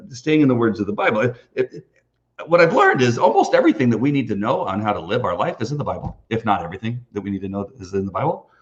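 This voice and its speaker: A man hosts his own live stream, talking off the cuff and circling back over his words. He is emphatic and animated, and his voice rises and falls a lot. The sound is a little dull and lo-fi. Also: fairly high pitch. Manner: rambling with frequent restarts. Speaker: host of a live video stream. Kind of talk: off-the-cuff livestream monologue.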